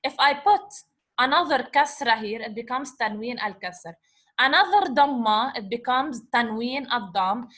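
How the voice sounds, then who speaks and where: A woman's voice: fairly high pitch, fairly bright tone. A woman teacher giving a patient lecture, often checking in with "okay?". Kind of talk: classroom lecture.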